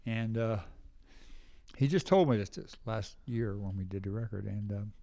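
This older guest musician has a fairly low, creaky, dark voice and speaks at a normal speed. In a casual interview he tells rambling stories, often imitating the voices of those he quotes.

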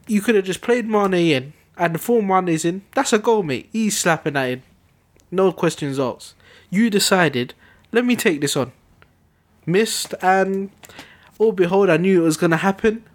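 Excitable man telling a football story. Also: high-pitched. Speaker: podcast co-host. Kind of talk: casual football chat.

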